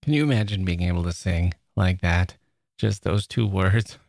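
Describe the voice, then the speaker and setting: A man hosting a podcast, reading listener mail in a chatty, playful way, often laughing and getting excited. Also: low voice, moderate pace, vocal fry, no room sound, studio quality. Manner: emotional, excitable. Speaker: podcast host. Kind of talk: reading listener mail aloud, casual monologue.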